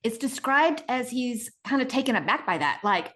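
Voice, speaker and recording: A middle-aged woman co-hosts a relaxed podcast in a fairly high voice. Her pitch swings widely as she retells scenes with lively energy. She breaks into acted-out voices for the people in the story. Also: normal speed. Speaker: podcast co-host. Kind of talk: casual podcast chat.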